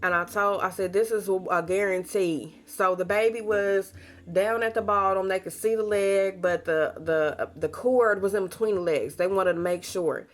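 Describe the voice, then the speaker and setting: With a medium-pitched voice and moderate pace, a pregnant young woman vlogs casually to camera. She's warm and talkative as she tells her stories, slipping in a little Southern slang.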